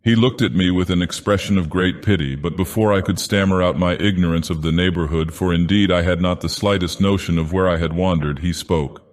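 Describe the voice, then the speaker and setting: A man reading a storybook tale in the voice of an ancient, brooding male god-villain, with slow, grave, dramatic delivery. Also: low voice, steady tone, lightly acted. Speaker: narrator. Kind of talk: scripted storybook narration. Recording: long reverb.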